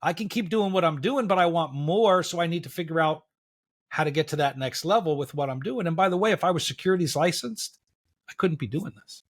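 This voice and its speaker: A middle-aged man with a slightly high voice tells a story as a podcast guest. He talks casually and acts out the other people's lines, filling gaps with "da, da, da.". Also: fairly quick. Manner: animated storyteller, acts out quotes, says "da, da, da".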